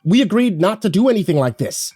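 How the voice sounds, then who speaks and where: A man playing a frantic husband and father in a horror story reading, sharp and commanding. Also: mid-range voice, fairly quick, no echo, lightly acted. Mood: furious. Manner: bursts into shouting, then calms.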